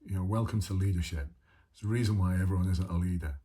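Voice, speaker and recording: Husky-voiced man coaching leaders. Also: deep voice, steady tone, fast, warm tone. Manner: conversational, asks many rhetorical questions, talks to himself. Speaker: former police officer turned leadership trainer. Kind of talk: informal coaching talk to camera.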